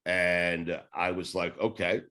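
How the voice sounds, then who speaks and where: A man in his forties with a New York accent tells stories in a loose, rambling way. His voice sits a little low, and he drops in the odd swear word and laugh. It sounds like casual podcast talk. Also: flat delivery, slow pace, bright, forceful tone. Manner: rambling, laid-back, swears and laughs while telling stories. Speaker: sports radio host, podcast guest. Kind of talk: casual interview storytelling.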